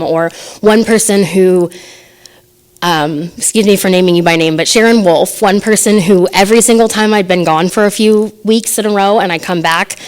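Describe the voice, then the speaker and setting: A woman in her thirties giving a personal testimony to her congregation, hesitant and full of fillers, emotional and laughing nervously between phrases. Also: lowish voice. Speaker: assisting minister giving a message.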